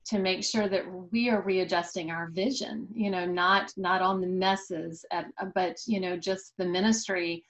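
A woman's voice: lowish voice, steady tone, a little slow, hardly any pauses. Affirming woman interview host. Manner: warm affirmations, frequent "yeah". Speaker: podcast host. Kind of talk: interviewing a guest.

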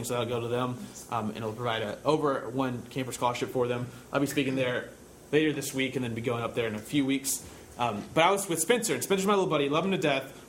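A man's voice: fairly high pitch, fairly bright tone, a little hiss or hum. A man preaching a sermon in a conversational way, telling stories and asking rhetorical questions.

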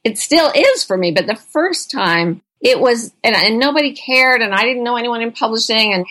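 Woman podcast host, slightly high pitch, reflective and meandering. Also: animated, normal speed, fairly bright tone. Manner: thoughtful, rambling build-up to a question. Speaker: host, author. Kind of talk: casual interview conversation.

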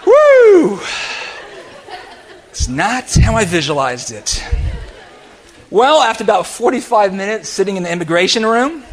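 A middle-aged pastor preaches in a church, his fairly high voice leaping up and down as he tells a story. He swings between loud exclamations and near-hushed confession. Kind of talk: sermon. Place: church sanctuary.

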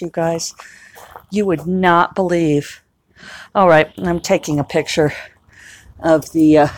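Speaking slowly and pausing often, a middle-aged woman with a lowish, steady voice rambles through her podcast. She laughs at herself a lot, chatting first in her kitchen and then outside.

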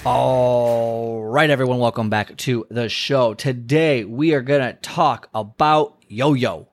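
A man's voice: medium pitch, slow, soft background music. Casual man hosting a fitness podcast. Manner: casual, conversational, acts out little dialogues. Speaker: podcast host. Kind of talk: solo motivational podcast talk.

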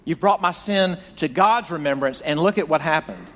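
A man's voice: fairly high pitch, moderate pace, fairly bright tone, long reverb tail. A male pastor preaching a sermon, retelling a story dramatically and acting out the quoted voices.

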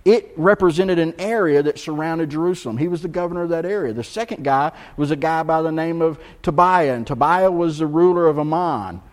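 A man preaching a sermon, telling a story and swinging between loud stretches and hushed ones. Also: on the high side, fairly quick, few pauses. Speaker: pastor.

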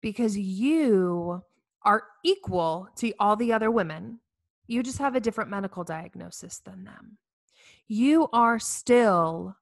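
A woman, giving a heartfelt inspirational talk to women, telling stories with earnest warmth and self-mocking humor. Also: medium pitch, no echo. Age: 40s. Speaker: speaker addressing women facing infertility.

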